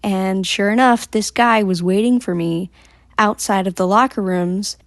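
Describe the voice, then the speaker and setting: A woman vlogger telling a story to camera in a chatty, animated way, laughing between lines. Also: mid-range voice, a little slow, dry recording, clean studio sound.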